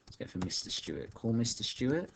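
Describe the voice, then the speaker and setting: A male teacher thinking aloud as he writes a story, dictating sentences slowly while typing. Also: mid-range voice, very animated, creaky, a little hiss or hum. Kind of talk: online writing lesson while typing.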